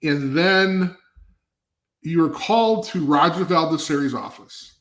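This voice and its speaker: A man's voice: fairly high pitch, unhurried, fairly bright tone. A man hosting a podcast, asking questions and adding frequent short affirmations. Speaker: podcast host. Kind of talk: casual interview. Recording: echoey room.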